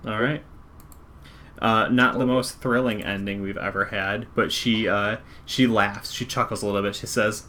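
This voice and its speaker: A man running a tabletop game as game master, narrating in a relaxed, rambling way. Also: on the low side, normal speed. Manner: relaxed, rambling wrap-up with fillers.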